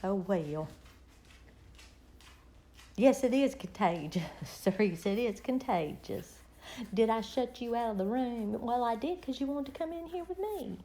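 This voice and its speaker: Folksy chatty woman, fairly high voice. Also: animated, a little slow, dark tone. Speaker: live stream host. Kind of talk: casual chat with viewers.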